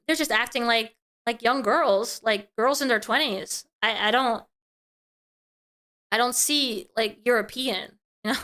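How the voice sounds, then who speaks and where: A woman VTuber commentator reading messages aloud and reacting to them, rattling off the quoted lines quickly and breaking off with exasperated exclamations. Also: high voice, bright, forceful tone.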